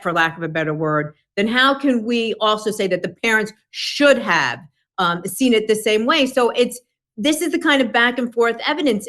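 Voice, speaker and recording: A woman's voice: on the high side, a bit bright. A woman giving frank, emphatic legal commentary on a talk show panel. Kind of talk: panel discussion.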